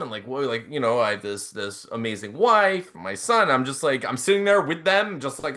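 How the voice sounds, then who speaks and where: A man's voice: fairly high pitch, sing-song, a little fast, hardly any pauses, bright, forceful tone. A young man co-hosting a casual live-stream chat, rambling with many fillers and restarts. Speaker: co-host.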